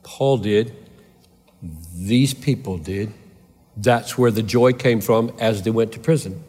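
Man, pastor, sermon, deliberate unhurried delivery, long echoing reverb, impassioned. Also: fairly low pitch, slightly rough. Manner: impassioned, rising to loud emphatic peaks then dropping to quiet intensity.

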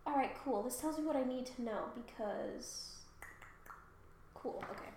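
A woman's voice: sits high, a little slow, warm tone, a little hiss or hum. A young woman co-hosting a podcast, retelling a myth in rambling casual chat and swearing easily. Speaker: podcast co-host. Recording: echoey room.

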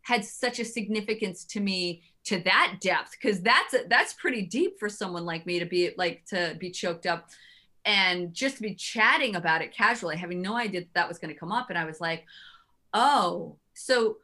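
A woman artist chatting as a podcast guest, animated and quoting herself often. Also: on the low side, moderate pace. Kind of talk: casual interview chat.

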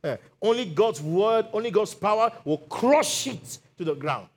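A man's voice: high-pitched, expressive, a little slow, slight background noise. A middle-aged Nigerian man preaching a sermon as lead pastor, leading the congregation in call-and-response declarations.

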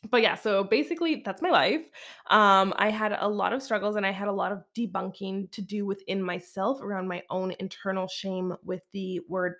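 A woman's voice: mid-range voice, fairly bright tone. Chatty Canadian woman podcast host. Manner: chatty, laughs often, says "like" a lot. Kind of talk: casual solo podcast monologue.

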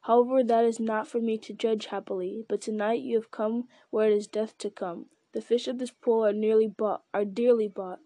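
A woman's voice: on the high side, fairly even intonation, mellow, dry recording. A woman reading a grave noble captain. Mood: stern. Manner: measured, formal and grave. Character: stern noble male captain, calm and just.

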